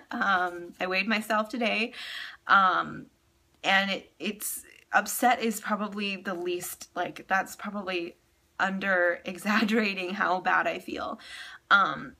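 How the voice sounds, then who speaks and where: A woman's voice: mid-range voice, bright, forceful tone. A young woman talking candidly in a casual personal vlog, chatty and full of ums, emotional and close to tears. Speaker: vlogger.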